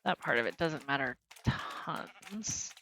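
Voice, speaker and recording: Chatty, lower-pitched woman streamer. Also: expressive, takes it slowly, a bit bright, slight background noise. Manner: chatty, self-deprecating, laughs often. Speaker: game streamer. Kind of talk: casual live-stream commentary.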